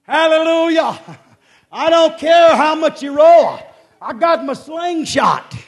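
Fervent high-voiced preacher. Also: male voice, lively intonation. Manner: fervent, shouting, drawn-out exclamations. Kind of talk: sermon.

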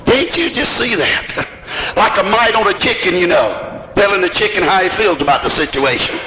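A man preaching a sermon in folksy country grammar, asking the crowd questions and rising to shouts. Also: high voice, expressive, normal speed. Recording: echoey hall with noise.

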